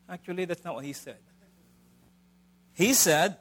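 A middle-aged man preaching a sermon in a conversational way, swinging between loud emphasis and soft asides. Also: fairly high pitch, expressive, normal speed, pauses often.

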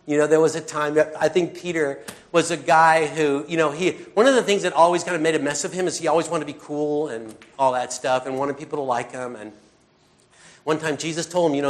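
Middle-aged guy preaching, chatty and earnest, kinda high voice. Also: fairly even intonation, brisk. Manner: conversational and earnest, with filler words and sighs. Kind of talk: sermon.

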